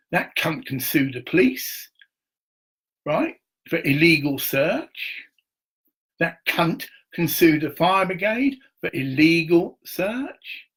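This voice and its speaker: Gravelly, husky man ranting. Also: fairly high pitch, fairly bright tone. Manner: profane, aggrieved, restless. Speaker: livestreamer. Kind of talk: rambling live-stream monologue.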